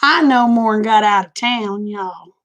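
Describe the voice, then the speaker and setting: A woman's voice: medium pitch, slow pace, fairly bright tone. An older woman, chatting casually and telling candid, folksy stories to her stream. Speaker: live-stream host. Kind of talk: casual chat storytelling.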